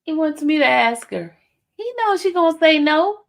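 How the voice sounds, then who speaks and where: A woman's voice: high-pitched, animated, normal speed, gravelly. A woman chatting casually with her viewers and teasing her dog with playful questions.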